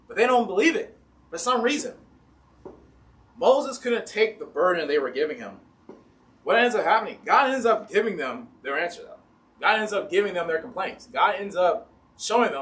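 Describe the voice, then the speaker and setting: A man with a fairly high voice preaches in a church with an Ohio accent, slipping into plain everyday voices for the complaining crowd and for God. He sits a little back from the microphone, so the room comes through around his words. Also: lively intonation, moderate pace, a bit bright, recorded from a distance. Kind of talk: sermon. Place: church sanctuary.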